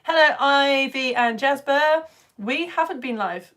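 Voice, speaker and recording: Speaking a bit slowly in a high, somewhat bright voice, a woman from the UK leads a live science class online. Her tone is chatty and eager, and viewer comments she reads out make her laugh often.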